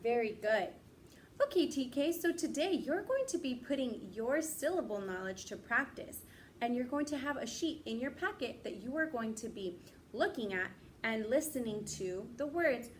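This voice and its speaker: A young woman teaching young children, speaking slowly and clearly, patient and encouraging, stretching out each word. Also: fairly high pitch, lively intonation, slight background noise.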